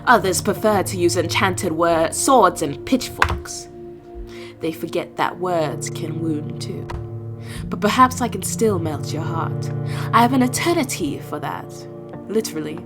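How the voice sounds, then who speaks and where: A woman's voice: fairly low pitch, lively intonation, unhurried. A woman voicing a flamboyant immortal male jester in a game, with a British accent and a theatrical, mock-courtly manner, over game music. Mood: amused. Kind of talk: voicing a visual novel character.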